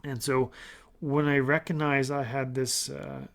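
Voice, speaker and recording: A man's voice: mid-range voice, level tone, measured pace, creaky, a bit bright. A middle-aged man hosting a casual motivational podcast, talking earnestly and rambling with restarts. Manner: earnest, rambling with restarts, acts out his inner voice. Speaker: podcast host.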